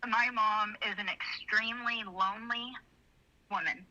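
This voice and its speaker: Middle-aged woman, very bright voice, earnest storyteller, dull lo-fi video audio. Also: mid-range voice, steady tone, unhurried. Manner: earnest, emotional, rambling. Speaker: interview guest. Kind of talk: candid personal storytelling. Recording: slightly muffled video audio.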